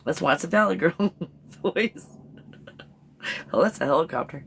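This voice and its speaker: A woman's voice: fairly low pitch, animated, moderate pace, vocal fry, long pauses, a bit bright, breathy edge. A woman hosting a live morning stream, chatty and rambling, often breaking into laughter. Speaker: live show host. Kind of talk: casual live-stream talk.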